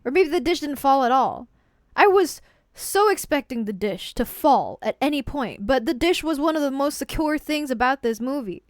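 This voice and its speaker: A woman's voice: sits high, lively intonation, moderate pace, dry recording, studio quality. A woman streaming herself as she reacts to a movie, chatting casually, rambling, and often repeating words as she trails off. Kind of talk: casual live-stream commentary.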